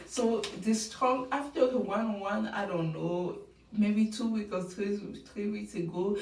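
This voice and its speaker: A woman giving opinionated, animated commentary on a reality show, sometimes mocking the people she talks about. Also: medium pitch, slight background noise. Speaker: reality TV recap vlogger. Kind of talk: casual commentary. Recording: roomy sound, mic at a distance.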